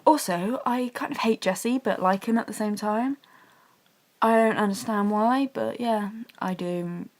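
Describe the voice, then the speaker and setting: A young woman gushing about a TV drama in a rambling, chatty fan vlog, talking quietly from her bedroom. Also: mid-range voice, measured pace. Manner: speaking quietly. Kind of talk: casual TV review vlog. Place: bedroom at home.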